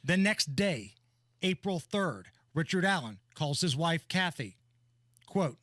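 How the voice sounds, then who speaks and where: A man's voice: fairly high pitch, expressive, slow, fairly bright tone, no room sound, studio quality. A man co-hosting a talk radio show, running through a news update in a methodical, orderly way. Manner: methodical, reads details in order. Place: radio studio. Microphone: studio microphone.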